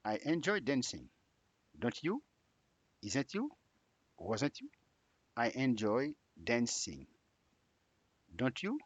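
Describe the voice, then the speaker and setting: Male English teacher, slow deliberate delivery, husky voice, dry close sound, lively exaggerated pitch on question tags. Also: dry recording, lo-fi sound. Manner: drills example sentences with exaggerated rising tags. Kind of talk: slow spoken grammar lesson.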